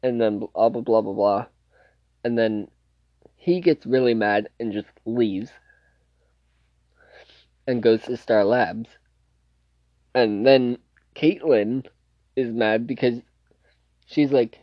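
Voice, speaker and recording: Guy slowly going over a show's plot, rambly, kinda dull lo-fi sound. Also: medium pitch, dry recording. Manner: rambling, with restarts, quoting scenes loosely. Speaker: TV show reviewer. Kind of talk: casual plot recap.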